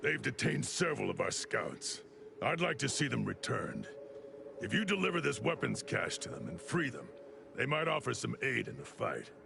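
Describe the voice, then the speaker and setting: Gravelly military commander. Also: male voice, medium pitch, big pitch swings, moderate pace, noisy background. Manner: curt, giving orders. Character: gruff male military commander.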